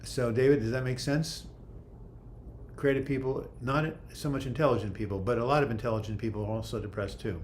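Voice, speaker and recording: A man's voice: medium pitch, fairly even intonation, brisk. An older man talks casually to his livestream viewers. He reads their comments aloud and answers them in a chatty, easygoing way. A faint background noise sits under his voice. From United States. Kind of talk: casual live chat.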